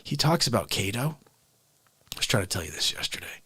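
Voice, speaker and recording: Male streamer host; loose, rambling comic storyteller with a very lively pitch, close dry mic. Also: brisk, husky, no room sound. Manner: rambling, animated, self-interrupting. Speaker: livestream host.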